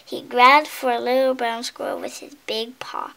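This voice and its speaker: A woman reading a picture book aloud in an expressive way, correcting her slips and adding asides about the pictures. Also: a little high, moderate pace, vocal fry, clean tone. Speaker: storybook reader.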